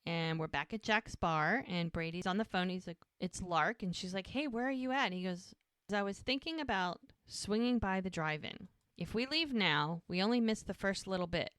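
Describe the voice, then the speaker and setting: A woman's voice: fairly low pitch, moderate pace, fairly bright tone, smooth, no room sound, studio quality. A woman co-hosting a podcast, casually recapping a scene and acting out the characters' lines. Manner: retells scenes, acting out dialogue. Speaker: podcast co-host.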